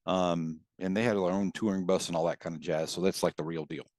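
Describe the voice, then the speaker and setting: A man's voice: low-pitched, steady tone, fairly quick, darkish tone, no echo. Laughing rambling male podcast storyteller. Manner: rambling storyteller, laughs through his stories. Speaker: podcast co-host. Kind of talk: casual chat. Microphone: video call.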